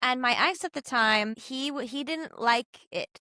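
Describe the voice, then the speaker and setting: A young adult woman telling a personal story as a podcast guest, chatty and animated, full of "like" and "you know" and acted-out quotes of other people. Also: sits high, a little slow, no room sound, studio quality. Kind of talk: casual storytelling in an interview.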